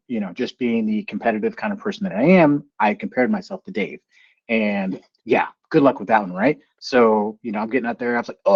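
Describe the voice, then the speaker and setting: A man working as a solution engineer, telling stories in a casual panel chat and acting out the people he quotes with big jumps in pitch. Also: creaky, husky. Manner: animated storytelling, voices quotes with pitch jumps. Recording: lo-fi video call audio.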